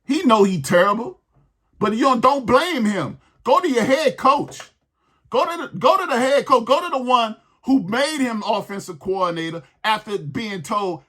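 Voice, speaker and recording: A man rants about his team with heated exasperation, hammering the same lines again and again. His voice sits high and swings widely in pitch. It has a bright, husky edge. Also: animated, normal speed. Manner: heated, exasperated ranting with repeated phrases. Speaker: sports podcast host. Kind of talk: ranting sports commentary.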